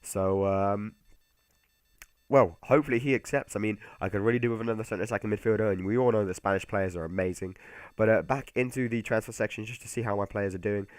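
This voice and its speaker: A young man chats through his football video game session at a brisk clip, stumbling over restarts and fillers as he goes. His voice sits low, and the recording is dry and close with no room sound. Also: dry recording. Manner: rambling, many fillers and restarts. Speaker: gaming YouTuber. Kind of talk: casual game commentary.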